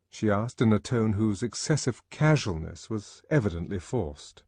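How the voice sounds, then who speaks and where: A man reading an audiobook aloud with an expressive, dramatic delivery, recorded close and dry. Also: lowish voice, moderate pace, hardly any pauses, breathy edge, no echo. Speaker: audiobook narrator.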